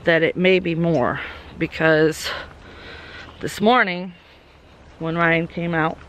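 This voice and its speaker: Outdoors on her homestead, a Southern-accented woman vlogs to a camera mic on a tripod, first musing with some worry, then cooing baby talk to her goats among the farm animals. Her voice is low and fairly bright, with slight background noise.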